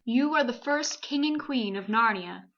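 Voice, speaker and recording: A woman voicing a great, wise male lion who speaks slowly and gravely, read aloud as a storybook. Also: on the high side, animated, highs cut off, voice pushed down. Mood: solemn.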